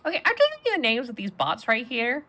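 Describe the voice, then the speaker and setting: A woman's voice: a little high, huge pitch swings, a little fast, bright, forceful tone. A woman streamer chatting playfully and rambling while playing a game. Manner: playful, rambling, many restarts. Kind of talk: casual gaming stream chat.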